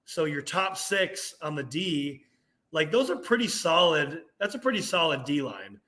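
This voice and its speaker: A young man co-hosting a casual sports podcast, ranting with animated energy and laughing at himself. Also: a little high, measured pace. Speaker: podcast co-host.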